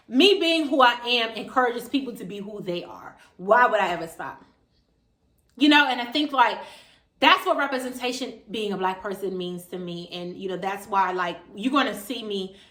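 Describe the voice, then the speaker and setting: A woman from Maryland with a Washington D.C. area accent, talking casually and emphatically to camera with slangy, lively delivery. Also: mid-range voice, roomy sound. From Maryland, USA. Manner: animated, emphatic, slangy, quotes other voices. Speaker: vegan vlogger. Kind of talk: casual direct-to-camera talk.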